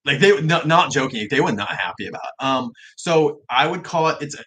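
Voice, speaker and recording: A young man whose R's come out soft, like W's, chatting casually on a livestream vlog with frequent restarts. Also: on the high side, lively intonation, fairly quick. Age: young adult. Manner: rambling, self-correcting talk with frequent restarts. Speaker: livestream vlogger.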